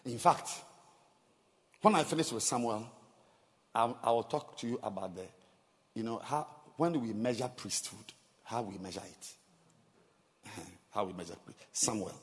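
A male pastor preaching a sermon, animated and laughing, firing rhetorical questions at the congregation. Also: medium pitch, measured pace, long pauses, big-room sound.

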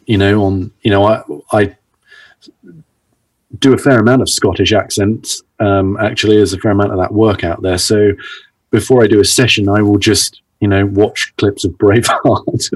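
A man's voice: fairly low pitch, no echo, distant mic. A man from London with a British RP accent, a voice actor guest talking casually and a bit hesitantly in a podcast interview. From London, England. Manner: relaxed, hesitant, with many ums.

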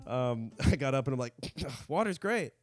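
A man's voice: medium pitch, fairly even intonation, moderate pace, clear, resonant tone, faint music behind. A man co-hosting a casual podcast chat, telling crude jokes and laughing often mid-sentence. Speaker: podcast co-host.

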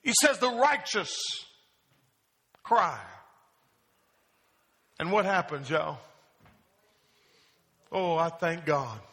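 A male pastor preaches in a church sanctuary and keeps calling on the congregation to answer him. His voice is bright and sharp. A long reverb trails behind his words in the hall. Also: fairly high pitch, sing-song, drawn-out words, pauses often. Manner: asks the congregation questions and calls for answers. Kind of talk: call-and-response sermon.

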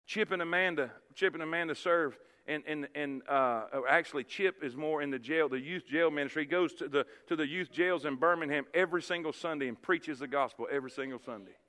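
A man's voice: fairly high pitch, pushed and bright. A man, preaching a sermon as pastor, telling a story emphatically and repeating his words. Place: church sanctuary. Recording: church hall reverb.

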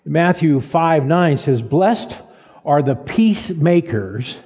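Older male pastor, folksy and halting, warm mellow voice, a bit husky, long hall reverb. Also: on the high side, expressive. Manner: folksy, halting restarts, self-deprecating humor. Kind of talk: sermon.

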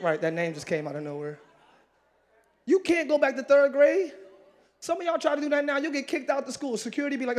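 A man with a very high voice preaches to a live congregation, swinging from shouts to quiet jokes. Bursts of ecstatic exclamation break through. A church crowd murmurs faintly behind him. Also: animated, brisk. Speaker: pastor. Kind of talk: energetic preaching sermon. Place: large church sanctuary with congregation.

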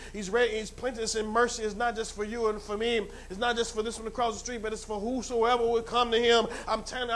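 High-voiced New York pastor preaching a sermon. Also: male voice. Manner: rises from low conversational asides to loud fervent exhortation; repeats phrases and stumbles with fillers.

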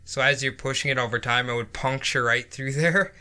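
A man's voice: medium pitch, fairly quick, bright, forceful tone, smooth. A man co-hosting a podcast, chatting casually and explaining himself in a rambling, defensive way. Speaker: podcast co-host. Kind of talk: casual banter.

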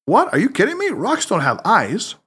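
A man reading aloud as a skeptical doctor who doubts and pushes back. His voice runs slightly high with a lively, animated pitch. An audiobook figure, plain and grounded. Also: quick pace. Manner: doubtful, defensive. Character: skeptical adult male doctor.

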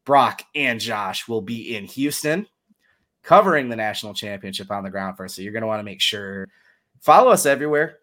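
Man, low voice, sports podcast host, casual chat, joking, laughs a lot. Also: animated, fairly quick, fairly bright tone. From Michigan. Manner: chatty, joking, laughs often.

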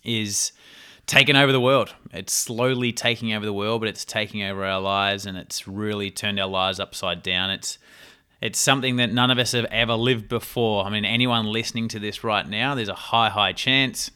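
A man's voice: on the low side, fairly even intonation, moderate pace, bright, forceful tone, clear, resonant tone. A young man hosting his own podcast, talking casually in a rambling, chatty way and often laughing. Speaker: podcast host. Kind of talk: casual solo podcast talk.

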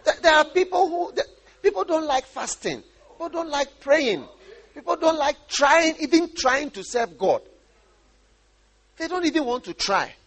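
A man from Ghana preaching a sermon, animated and often repeating and restarting his phrases. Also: extremely high pitch, normal speed.

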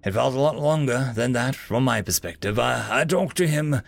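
A man voicing a young male familiar who talks in an earnest, halting, hesitant way. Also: medium pitch, animated, vocal fry, no echo.

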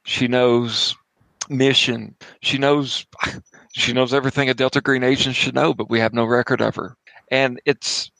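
A man narrates a tabletop horror game as its game master, his voice gravelly with a rough fry. He talks casually and in halting bursts, restarting sentences and adding asides. The sound is close and dry. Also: mid-range voice, little pitch movement, a bit bright, no echo, low-quality recording. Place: home.

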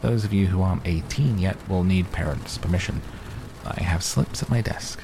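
A man voicing a brisk male biology teacher addressing his class, with some concern. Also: deep voice, gravelly, background noise.

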